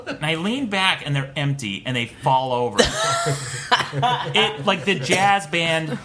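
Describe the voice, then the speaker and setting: A man's voice: on the high side, measured pace, crowd noise. A man and guest comedian telling a self-mocking comic story on a podcast. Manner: animated, self-mocking, laughs mid-story.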